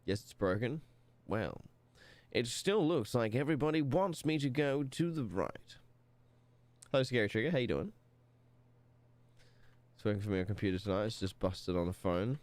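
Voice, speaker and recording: A man's voice: mid-range voice, moderate pace, long pauses, a little mellow, no echo. A congested man streaming a game, chatting with viewers and playfully copying a posh narrator voice. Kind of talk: casual live-stream commentary.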